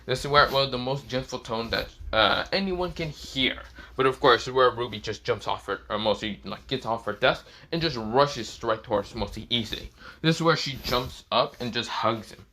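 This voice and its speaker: A man's voice: mid-range voice, moderate pace, bright, forceful tone, slight background noise. A young man improvising a fan story as narrator, rambling with many fillers and restarts.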